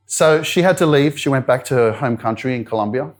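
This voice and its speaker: A man's voice: medium pitch, expressive, a little fast. A young Australian man giving a motivational talk at a live event. He tells a personal story candidly, with many fillers like "you know". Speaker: motivational speaker. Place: wellness centre event room.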